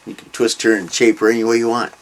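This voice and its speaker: A man's voice: medium pitch, flat delivery, fast. An older man hosting a comic book review vlog, chatting in a loose, rambling way with many ums and trailing asides. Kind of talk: casual vlog chat.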